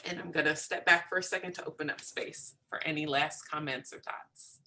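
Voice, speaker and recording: A discussion facilitator speaking in a soft-spoken, affirming way to a supportive group. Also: mid-range voice, fairly even intonation, brisk.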